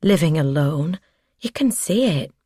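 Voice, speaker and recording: Narrator playing an earnest, caring woman, lifted pitch, dry sound. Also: animated, a little slow, warm tone, breathy edge, no room sound, exaggerated voice. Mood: concerned. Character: caring young-adult woman, concerned.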